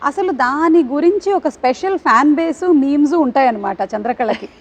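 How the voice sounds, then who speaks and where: Host, woman, very high and very fast voice, chatty code-switching questions. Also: lively intonation, lo-fi sound. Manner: rapid, mixes Telugu and English. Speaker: interviewer, host. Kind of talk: casual interview chat.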